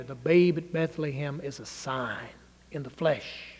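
A man preaching a sermon, dramatically swinging between loud declaiming and hushed low phrases. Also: fairly even intonation, measured pace. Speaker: pastor. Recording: reverberant hall.

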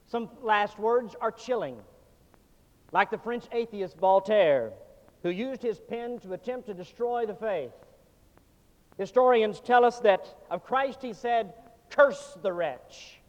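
High-voiced preacher in a reverberant hall. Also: male voice, measured pace. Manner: dramatic preaching with sweeping shifts in volume. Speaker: pastor. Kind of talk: sermon. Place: church sanctuary. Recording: dull lo-fi sound in a reverberant hall.

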